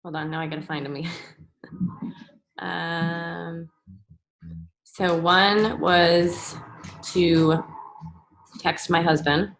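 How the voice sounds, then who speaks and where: A woman talks casually on a group call in a low voice. She takes her time, speaking slowly and without hurry. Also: steady tone, poor audio. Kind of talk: casual chat.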